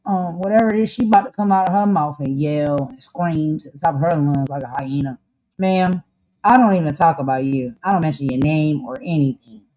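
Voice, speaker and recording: A woman's voice: low-pitched, dark tone, poor audio. A woman host with a New Jersey accent, talking in a blunt, sassy, slang-heavy way. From Camden, New Jersey. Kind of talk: casual chat.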